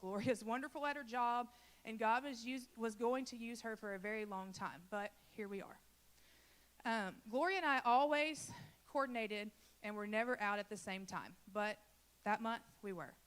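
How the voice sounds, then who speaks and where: A woman's voice: fairly high pitch, moderate pace, fairly bright tone. A woman from Louisiana who leads a church children's ministry, giving an earnest and emotional personal testimony and talking straight to the congregation.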